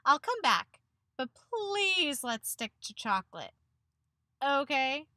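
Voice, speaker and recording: A woman's voice: sits high, big pitch swings, slow, bright, forceful tone, dry recording, clean studio sound, full character voice. A woman voicing an embarrassed, fed-up male crayon in a picture-book read-aloud, speaking in a wry, complaining way. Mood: wry, upset. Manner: wry, complaining letter-writer.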